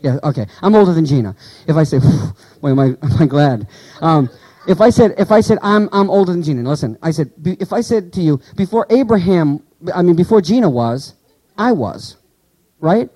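A man delivers a sermon in a fairly high but mellow voice. He teaches with animated rhetorical questions to his congregation. He reads the scripture passages slowly and with weight. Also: rough recording. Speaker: pastor.

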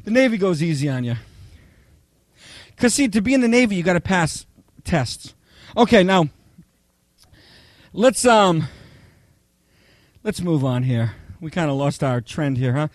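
A male pastor with a high voice delivers a sermon full of animated stories. He keeps checking in with the congregation with a quick "okay?" or "right?". The sound is close and dry, with no room echo.

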